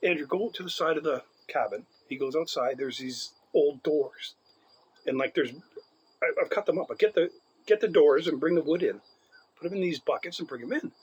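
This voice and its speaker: A man's voice: a little high, moderate pace, darkish tone, husky, low-quality recording. A man co-hosting a casual podcast, telling a long story in a rambling way and laughing often. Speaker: podcast co-host.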